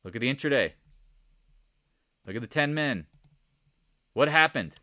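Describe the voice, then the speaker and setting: A man hosting a live stock market chat, coaching viewers with lots of rhetorical questions in an animated, casual way. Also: medium pitch, measured pace, pauses often. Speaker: trading channel host.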